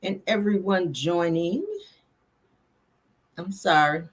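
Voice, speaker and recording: A woman hosts a casual live gossip stream, a little tipsy, swearing freely and calling her viewers honey and child. Her voice is lowish and she takes it slowly.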